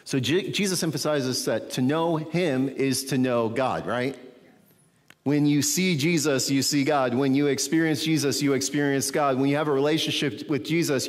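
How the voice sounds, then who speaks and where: A man's voice: fairly high pitch, big-room sound. A man preaching a sermon as a pastor, teaching from scripture in a conversational way and often checking in with his listeners.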